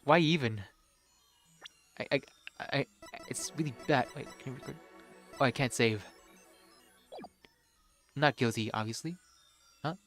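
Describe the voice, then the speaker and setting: A man streams a story game, reading its narration in a measured, dramatic way and reacting excitably between lines. His voice sits mid-height, with faint music underneath. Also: mid-range voice.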